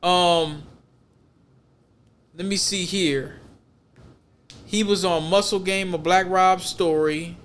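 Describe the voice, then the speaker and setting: A man's voice: high-pitched, steady tone, slow pace, long pauses, fairly bright tone, slight background noise. A man co-hosting a podcast, talking in a loose, rambling, emphatic way full of slang. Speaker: podcast co-host. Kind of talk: casual podcast chat.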